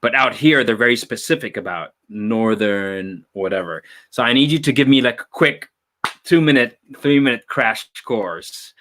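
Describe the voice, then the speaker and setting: A man from the Philippines hosting a casual chat, animated and laughing often. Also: mid-range voice, moderate pace. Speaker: host.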